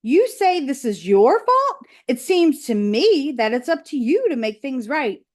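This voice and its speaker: A bossy, suspicious old goose scolds and lectures, as a woman teacher reads her lines aloud. She rattles off advice briskly, with a sharp, no-nonsense edge. It is a children's storybook read-aloud. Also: high voice, sing-song, voice pushed up. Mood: scolding.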